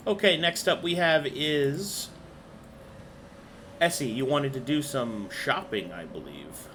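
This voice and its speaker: A man's voice: medium pitch, animated, slow, a bit bright, a little hiss or hum. A man running an online tabletop game as game master, talking casually, thinking aloud with fillers and the odd swear.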